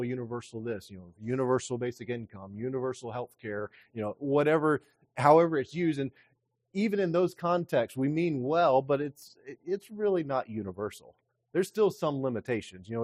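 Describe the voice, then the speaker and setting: A man pastor delivering a sermon, reading scripture slowly and preaching with emphasis. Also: medium pitch, darkish tone, no echo, clean studio sound.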